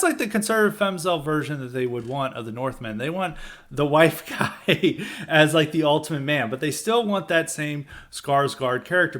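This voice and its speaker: A man's voice: a little high, fairly bright tone. A young man hosting a podcast, talking in a rambling, sardonic commentary style full of "like" and "you know". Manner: sardonic, mocking mimicry of others. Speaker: podcast host. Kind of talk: casual political commentary monologue.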